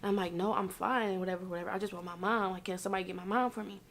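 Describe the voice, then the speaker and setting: Fast-talking young woman recounting a story. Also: mid-range voice, fairly even intonation, a little hiss or hum. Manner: rushed, vivid retelling with repeated phrases. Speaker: interviewee. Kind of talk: emotional storytelling.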